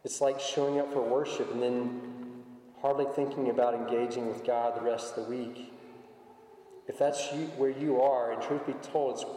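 A man's voice: mid-range voice, fairly even intonation, moderate pace, mellow. A man preaching a conversational sermon, telling everyday stories to make his point. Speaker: pastor. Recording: echoey hall, voice from far off.

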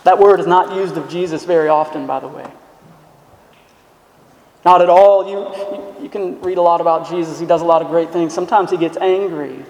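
A man's voice: on the high side, fairly even intonation, brisk, darkish tone. A man preaching a sermon as a pastor, earnest and emphatic, asking the listeners questions. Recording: echoey hall sound.

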